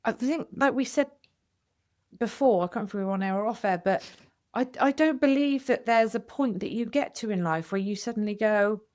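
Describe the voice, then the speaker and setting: A woman's voice: a little high, brisk, a little mellow. Earnest woman, reflective guest. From United Kingdom. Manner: earnest, reflective, self-interrupting with restarts. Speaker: podcast guest, widow coach. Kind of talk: candid podcast conversation.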